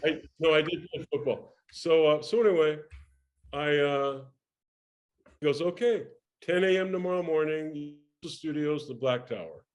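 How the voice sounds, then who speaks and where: A man's voice: a little high, moderate pace, dull audio. An older man, a guest in an interview, telling a career anecdote with energy and acting out the people he quotes, with frequent restarts. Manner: lively storyteller, acts out quoted voices, many restarts. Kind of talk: animated anecdote in casual interview.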